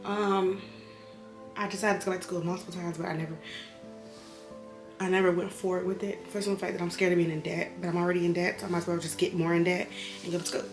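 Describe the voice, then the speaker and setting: A woman's voice: on the low side, little pitch movement, quick pace, roomy sound, over music. A woman, a bit tipsy, talking candidly and emotionally in a personal vlog about hard times, rambling and sometimes getting heated. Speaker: vlogger, single mother.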